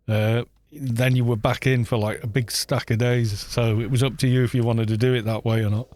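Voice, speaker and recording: A man's voice: mid-range voice, flat delivery, moderate pace, darkish tone, no room sound. A man with a Welsh accent from Wales, chatting casually and rambling with joking asides while streaming a game. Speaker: gaming streamer. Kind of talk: casual live-stream chat.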